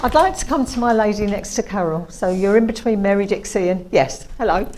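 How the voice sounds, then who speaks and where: A woman working as a medium, speaking gently and reassuringly with some hesitation. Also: mid-range voice, fairly quick, noisy background. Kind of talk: mediumship demonstration at a service.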